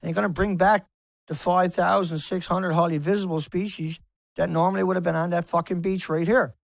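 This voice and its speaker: A man's voice: high voice, fairly even intonation, fairly quick, creaky, no room sound. A man delivering an angry, profane rant to camera as an activist vlogger, repeating phrases for emphasis, outdoors on a beach. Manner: angry, swearing, repetitive and emphatic.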